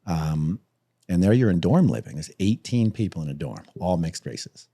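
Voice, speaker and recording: Low-ish male voice, podcast guest spinning a yarn, lively, cusses a lot, laughs along, goes way high when he mimics folks. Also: moderate pace, creaky, husky. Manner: animated, jumps high in pitch when acting out other people; swears freely, laughs through his own stories. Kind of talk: storytelling in a podcast interview.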